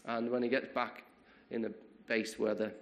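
A man with a gravelly, creaky voice of middling pitch preaches to his congregation. He retells a story in a lively way and acts out the voices of its people. He often stumbles, repeats words and restarts his sentences as he goes. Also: normal speed. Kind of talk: sermon storytelling.

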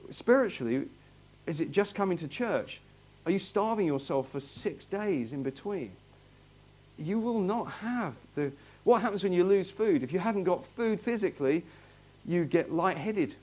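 A man preaches to his congregation in a loose, conversational way. He asks the room question after question and restarts his phrases as he goes. His voice sits a little on the high side. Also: expressive, moderate pace, darkish tone. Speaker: pastor. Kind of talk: sermon. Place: church hall, in front of a congregation.

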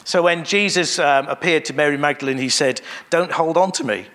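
A man preaching a sermon in a measured way, pausing often and restarting phrases. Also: on the high side, a bit bright.

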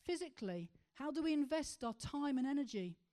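A woman preaching a sermon, asking rhetorical questions and slowing to stress key words. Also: high-pitched, animated, warm tone.

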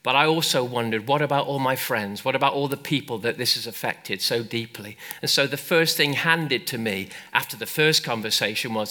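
Older man preaching, bright and forceful delivery, rousing the room. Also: mid-range voice, brisk. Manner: animated, emphatic, calls out to congregation. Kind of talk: sermon.

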